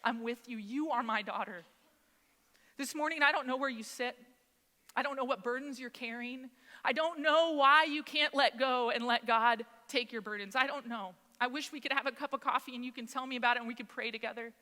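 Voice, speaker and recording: A woman in her thirties preaching a storytelling sermon in a church, acting out the conversations in a chatty, animated way. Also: high-pitched, fairly quick. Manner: animated, acts out dialogue, conversational with many "like"s. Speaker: speaker at church service. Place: church sanctuary. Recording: long reverb of a church hall.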